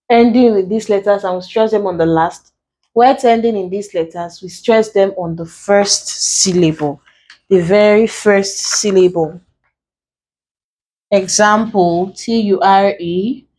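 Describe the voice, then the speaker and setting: Slow, deliberate woman tutor. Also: mid-range voice, steady tone, darkish tone. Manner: slow, deliberate, spells out word endings letter by letter. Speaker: English tutor. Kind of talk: exam-prep lesson.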